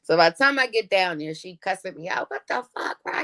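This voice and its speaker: Her medium-pitched voice moves briskly with some vocal fry as this podcast guest tells casual stories. She curses freely, uses lots of slang, and animatedly performs quotes in different voices.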